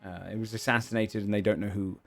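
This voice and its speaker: A man narrating a tabletop game as game master, halting with fillers and restarts. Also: lowish voice, steady tone, vocal fry, a bit bright, soft background music.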